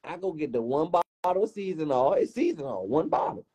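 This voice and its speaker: A man with a DC-area accent tells a funny story on a livestream, full of slang and swearing. His voice sits high and leaps around, with a husky edge. He acts out the people he quotes. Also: very animated, brisk, warm tone. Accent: Washington DC area. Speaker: streamer telling a story.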